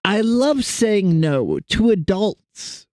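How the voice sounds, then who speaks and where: A man's voice: sits high, extremely slow, dry recording, clean studio sound. Chatty self-deprecating male streamer. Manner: rambling, self-deprecating, animated reading of chat. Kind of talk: casual chat with viewers.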